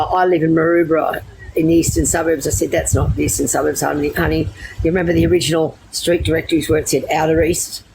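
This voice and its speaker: Brash Australian woman with a low voice. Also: creaky. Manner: brash, swearing, animated anecdotes. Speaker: storyteller. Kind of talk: casual storytelling. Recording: noisy background.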